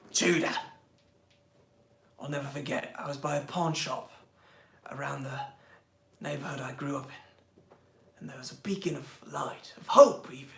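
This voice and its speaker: A man imitating a boastful British celebrity footballer in a put-on British accent, telling a story in a pompous, mock-grand way with hushed moments. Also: mid-range voice, normal speed, gravelly, pauses often, roomy sound, voice pushed down.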